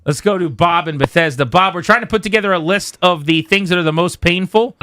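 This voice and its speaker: A man's voice: high-pitched, a little fast, sharp tone. A man hosting a sports radio show in casual chat, talking in a chatty way with frequent restarts. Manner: chatty, self-interrupting. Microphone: studio microphone.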